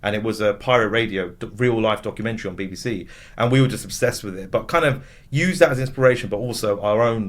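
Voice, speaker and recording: Animated man telling stories. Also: on the low side. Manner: animated storytelling with voiced impressions. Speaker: comedy actor and writer, guest. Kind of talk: casual interview chat.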